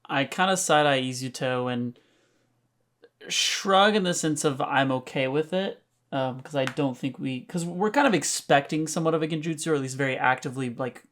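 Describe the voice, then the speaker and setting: A man's voice: a little high, normal speed, fairly bright tone. A young man playing a tabletop game, chatting casually, swearing and laughing often. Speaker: player.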